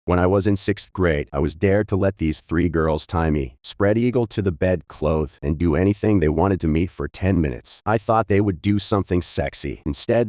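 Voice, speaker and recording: A man narrates a run of online stories in a steady, even read-aloud manner. His voice sits very low, and the recording is dry and close, with no room sound. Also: no echo.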